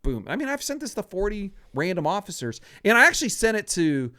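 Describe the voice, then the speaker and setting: A man in his sixties hosts a podcast, recounting a personal story in a casual, animated manner, acting out what people said and laughing often. His voice sits high and moves fairly quickly, captured in a dry, studio-quality recording.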